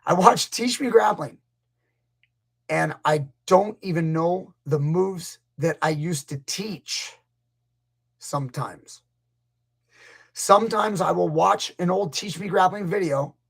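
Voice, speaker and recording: A man with a high, creaky voice and a breathy edge speaks slowly, leaving long pauses. He's a grappling coach hosting a casual live stream on his channel, rambling through stories and acting out what people said.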